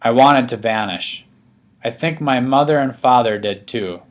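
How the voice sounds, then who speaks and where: A man's voice: medium pitch, a little slow. Guy reading a kids book aloud, first person, telling it like he's a young boy. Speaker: audiobook reader. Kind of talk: first-person scripted narration.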